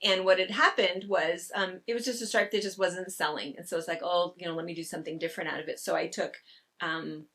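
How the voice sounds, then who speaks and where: A woman's voice: fairly low pitch, fairly even intonation, fast, creaky, fairly bright tone. Woman co-host, easygoing storyteller, voice a bit distant from the mic. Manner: chatty storyteller, laughs often. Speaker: quilt shop co-host. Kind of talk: casual chat.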